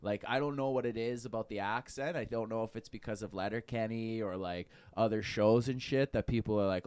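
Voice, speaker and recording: Low, smooth-voiced Alberta comedian. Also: male voice, darkish tone. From Canada. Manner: fast, loose, lots of "like" and swearing. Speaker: comedian guest. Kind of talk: casual podcast chat.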